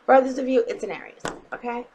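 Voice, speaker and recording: A woman's voice: fairly high pitch, fast, a little mellow, slight background noise, poor audio. A woman giving a casual tarot reading to her viewers, blunt and emphatic, swearing freely and often checking in with "okay?". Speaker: tarot reader.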